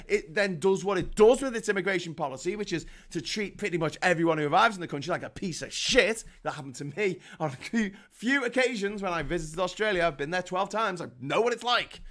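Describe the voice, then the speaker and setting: A man from Liverpool hosting a sweary, sarcastic comedic rant, with mock voices and shouted peaks. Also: sits high. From Liverpool, England. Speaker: host.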